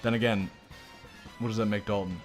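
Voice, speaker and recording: A man's voice: lowish voice, steady tone, a little fast, soft background music. A man streaming live gameplay, commenting casually in a joking, profane, self-mocking way. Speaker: game streamer.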